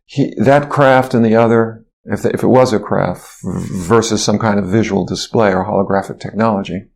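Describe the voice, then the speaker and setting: An older man, a physician guest in an interview, telling a long story in a lively way, sometimes singing and quoting others. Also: lowish voice, normal speed, gravelly. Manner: animated storyteller who sings and quotes others.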